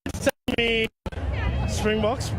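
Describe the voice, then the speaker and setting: Easygoing Australian man in a loud crowd. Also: very high-pitched, flat delivery, slow pace, heavy background noise. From Australia, Sydney. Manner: easygoing, laughing, thoughtful. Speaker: rugby fan. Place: outdoors at a packed stadium.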